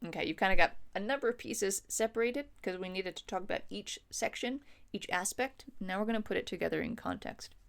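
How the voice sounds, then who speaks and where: A woman's voice: medium pitch, brisk, gravelly, hardly any pauses. A woman teaching a music lesson, patiently explaining and counting beats aloud, often checking in with the listener. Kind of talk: instructional lesson.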